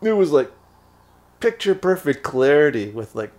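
A man tells a story on a podcast, raising his voice a little and tripping over restarts as excitement carries him. He is emotional and near tears. His pitch sits a touch on the high side. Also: normal speed. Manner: animated, breathless, many restarts and fillers. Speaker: guest musician.

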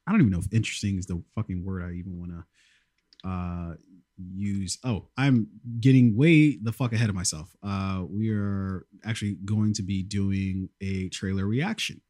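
A man's voice: low voice, fairly even intonation, moderate pace, dark tone, no echo, clean studio sound. A man hosting a podcast in a casual, rambling way, with many ums and some swearing. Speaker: podcast host. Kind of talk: casual film chat.

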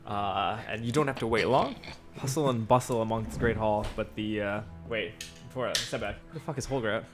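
A man with a lowish voice narrates a tabletop role-playing game as its game master. He talks casually and stops often on fillers. Faint music plays behind him. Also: a little fast. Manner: casual, hesitant with many fillers. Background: background music.

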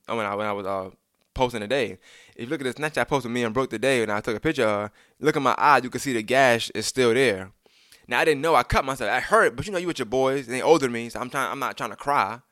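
Fast-talking young man rambling a story. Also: medium pitch, dry recording, clean studio sound. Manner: rambling, many restarts and asides to the listener; animated acting out of quoted lines. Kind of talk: casual storytelling.

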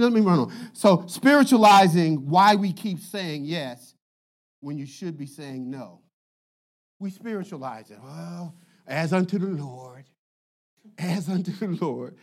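A male pastor preaching a sermon in an animated, conversational way with playful asides. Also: fairly high pitch.

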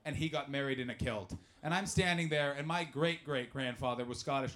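In this stand-up set, a young Canadian man speaks fairly quickly and expressively with few pauses, his mid-range voice a bit bright. He spins rambling, foul-mouthed, self-mocking tales and quizzes the crowd.

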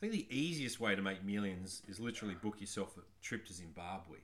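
Male podcast co-host, dry jokester, very lively pitch, faint background hiss. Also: fairly quick. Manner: dry jokey interjections. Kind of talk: casual comedic chat.

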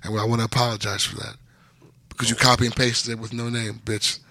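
Bright-voiced man hosting a podcast, dry sound. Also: mid-range voice, flat delivery, fast, no echo. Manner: loud, profane storytelling with frequent laughter. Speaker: podcast host. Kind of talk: casual podcast banter.

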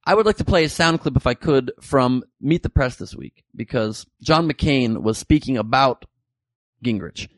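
A man's voice: mid-range voice, moderate pace, dry recording. A man hosting a comedy podcast, laid-back and laughing often while talking politics. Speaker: podcast host. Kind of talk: casual political comedy chat.

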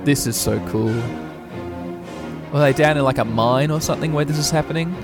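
A man giving rambling, excitable live reaction commentary with lots of fillers. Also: on the high side, brisk. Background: opera music.

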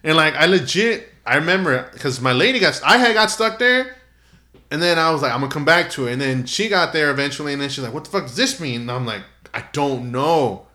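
Bright-voiced man in loose podcast chat. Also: a little high, lively intonation, quick pace. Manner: loose, profane, rambling with frequent fillers. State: sleepy. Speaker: podcast co-host.

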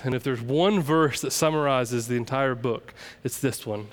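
Emphatic preacher man, smooth voice. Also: medium pitch, moderate pace, hardly any pauses. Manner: emphatic, preaching with rising intensity. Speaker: pastor. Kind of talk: sermon.

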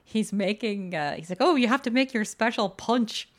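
A woman's voice: fairly high pitch, normal speed. A woman co-hosting a casual film podcast, talking with lots of fillers and frequent laughter. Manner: animated, laughs often, many fillers. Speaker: podcast co-host.

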